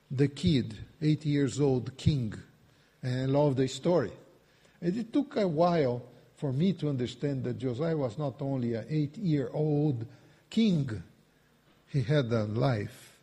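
Slow, mellow-voiced man preaching in a hall. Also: mid-range voice, breathy edge. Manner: emphatic, repetitive preaching with rising bursts. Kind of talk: sermon. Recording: reverberant hall.

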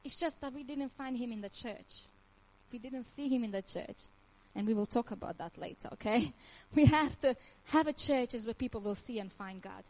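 Speaking at a moderate pace with a darkish tone, this high-voiced Croatian woman in her thirties recounts her faith testimony in earnest, nonnative English. She talks with feeling and often breaks into laughter, though the recording quality is low.

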